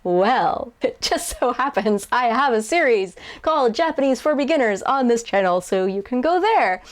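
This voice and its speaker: A woman's voice: fairly high pitch, expressive, normal speed. A young woman translator casually answering viewer questions to camera, chatty and self-deprecating, with frequent fillers and restarts. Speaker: YouTuber and translator.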